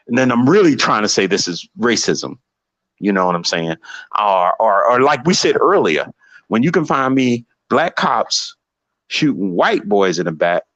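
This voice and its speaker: A man talking casually on a live stream, animated and heated, repeating himself as he makes his point. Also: medium pitch, no echo, lo-fi sound. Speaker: guest on a live show.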